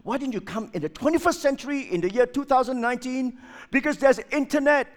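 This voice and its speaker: Brief: a male preacher with a high voice, full of rhetorical questions and dramatic shifts from loud to soft. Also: fast. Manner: animated, rhetorical questions, swings between loud and hushed. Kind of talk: sermon.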